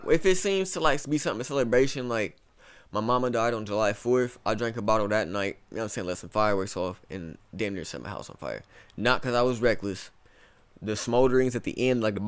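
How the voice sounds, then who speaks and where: Medium in pitch, a little bright and clean in tone, this Ohio guy in his twenties is being interviewed casually. His storytelling rambles on and is peppered with "bro."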